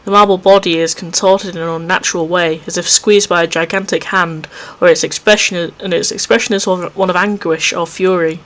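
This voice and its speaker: Male let's play host, reads horror game narration aloud, easily spooked, quick self-mocking asides. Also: sits high, steady tone, fairly bright tone. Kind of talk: reading a visual novel aloud with commentary. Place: home recording setup.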